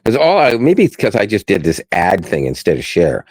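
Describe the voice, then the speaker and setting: Animated low-voiced man chatting tech. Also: fairly quick, dry recording, rough recording. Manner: animated, self-deprecating, laughs often. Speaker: podcast co-host. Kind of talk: casual tech chat.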